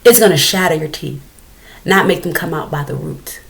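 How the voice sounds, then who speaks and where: A woman's voice: low voice, normal speed, vocal fry, low-quality recording. A woman hosting a reaction commentary, talking in an angry, confrontational and profane way. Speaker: commentary host.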